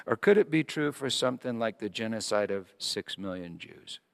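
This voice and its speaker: A preacher with vocal fry tells stories dramatically from the pulpit at a normal speed, his quoted voices rising high and excited. The church is big, leaving a long reverb on his sermon.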